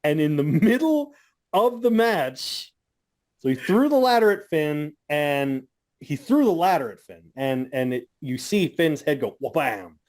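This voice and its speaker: Excitable man swearing through a story. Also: a little high, unhurried. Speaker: podcast co-host. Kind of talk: casual chat.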